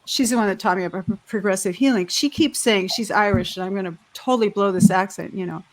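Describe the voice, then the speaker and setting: Woman panelist, rambling and heartfelt, mid-pitched, video-call sound. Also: fast. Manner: rambling and heartfelt, with frequent restarts. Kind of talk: candid personal sharing.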